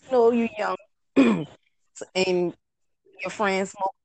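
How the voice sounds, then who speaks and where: A woman telling her own life story as an interview guest, in casual, halting talk with frequent pauses and restarts. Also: medium pitch, fairly even intonation, darkish tone, rough recording.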